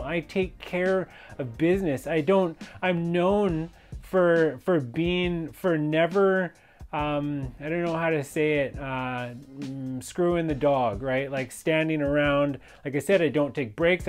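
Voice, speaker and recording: A man telling a personal story in an intense, emphatic monologue, rambling with many fillers and restarts. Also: fairly high pitch. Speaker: fitness and yoga instructor sharing personal stories.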